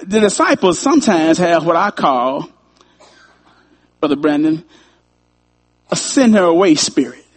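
A man's voice: fairly high pitch, expressive, unhurried, pauses often. A man preaching a sermon in a conversational way, chuckling often and repeating his phrases.

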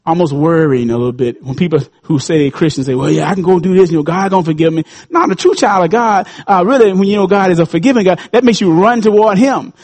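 A man in his fifties preaching with a high voice, rising to loud calls and dropping into low, quiet asides. He talks to the congregation in a lively, call-and-response way. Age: 50s. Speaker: pastor. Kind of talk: sermon.

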